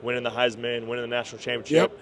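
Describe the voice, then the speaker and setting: A man's voice: mid-range voice, steady tone, racing. A man in his thirties from Minnesota, with a Minnesota accent, answering interview questions in an easygoing, modest way with lots of ums. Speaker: NFL wide receiver, guest.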